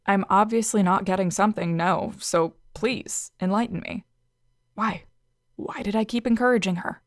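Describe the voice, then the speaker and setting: Dry-voiced woman narrating with gravelly edges. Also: medium pitch, normal speed, dry recording. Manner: dry, sarcastic. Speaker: audiobook narrator. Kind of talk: first-person story narration.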